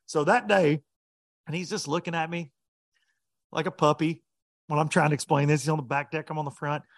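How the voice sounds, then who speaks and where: Male pro angler, animated storyteller, higher-pitched, dry close sound. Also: fairly quick, dry recording. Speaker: professional bass angler. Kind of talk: casual storytelling chat.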